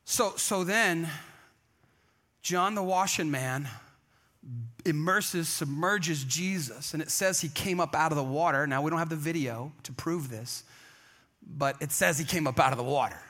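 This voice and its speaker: A man preaching a sermon in a conversational, energetic storytelling way, often acting out the people he quotes. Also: on the high side, measured pace. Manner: conversational, acts out quoted voices. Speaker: pastor.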